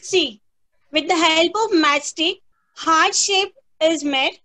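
High-voiced woman teaching slowly. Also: pushed and bright, poor audio. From India. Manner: slow, patient, repeats prompts and imitates animal sounds. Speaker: primary school teacher. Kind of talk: online lesson for young children.

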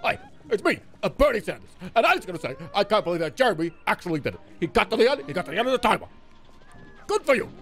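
Old politician impression, high and rambling by a man, bouncy pitch. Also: big pitch swings, racing. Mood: cheering.

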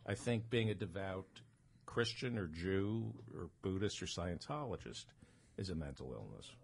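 A man's voice: low voice, lively intonation, normal speed, creaky, breathy edge. A man hosting a comedy podcast roundtable, asking probing questions in a stop-start way. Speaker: podcast host. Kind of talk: casual comedy roundtable chat.

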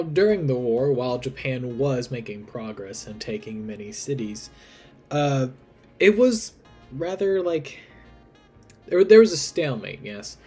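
A man talks through history in a loose, conversational way, dropping fillers and quick self-aware asides. His pitch sits at an ordinary middle level, and faint music plays softly underneath. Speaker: history presenter. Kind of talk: casual history explainer.

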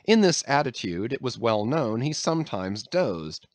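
A man's voice: mid-range voice, very animated, unhurried, no echo. A man narrating an audiobook with a dramatic storytelling delivery. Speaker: audiobook reader. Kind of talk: scripted narration.

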